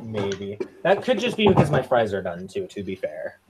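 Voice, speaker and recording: A man acting as game master in a tabletop game. He talks in a relaxed, chatty way with ums and laughs. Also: fairly low pitch, moderate pace, background noise. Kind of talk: running a tabletop game over voice chat.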